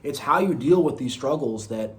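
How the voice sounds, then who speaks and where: Man, earnest, rambling, repeats himself, motivational monologue, mid-pitched. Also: animated, moderate pace. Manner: earnest, rambling, repeats phrases and says "you know" often. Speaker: motivational video creator.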